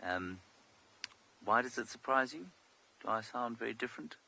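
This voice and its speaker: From an open vehicle out in the bush, a male guide narrates a live game drive, describing the wildlife with a dry wit. He speaks at normal speed in a medium-pitched, creaky, pushed and bright voice with lively intonation, over slight background noise.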